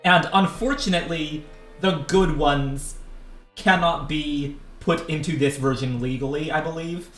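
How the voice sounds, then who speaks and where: A voice actor chats casually on a game stream, joking and relaying comments from chat. The voice sits at a middle pitch. The sound is echoey, with faint music behind. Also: fairly even intonation, a little slow, a bit bright. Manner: reads out chat comments, jokey.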